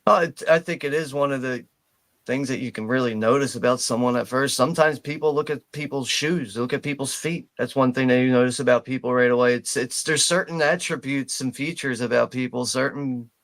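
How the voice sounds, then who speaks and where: A man's voice: medium pitch, steady tone, fairly quick, a bit bright. Easygoing man in casual chat. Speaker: watch party co-host.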